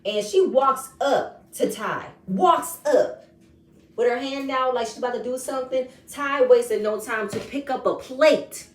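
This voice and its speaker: A woman recapping a reality show episode in casual, animated commentary, acting out the quoted lines in changing voices. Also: sits high, unhurried, far from the mic. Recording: echoey room, voice set back from mic.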